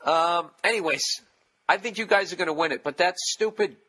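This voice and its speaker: A man's voice: sits high, moderate pace, sharp tone, slightly rough. A man hosting his own podcast, talking alone in a casual, profane, sarcastic rant. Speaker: podcast host. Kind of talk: casual solo podcast monologue.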